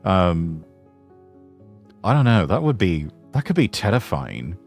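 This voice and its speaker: Deep-voiced man musing on stream. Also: sing-song, unhurried, darkish tone. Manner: musing, hesitant, talks to chat. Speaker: streamer reacting to a video. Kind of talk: casual live-stream chat. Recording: faint background music.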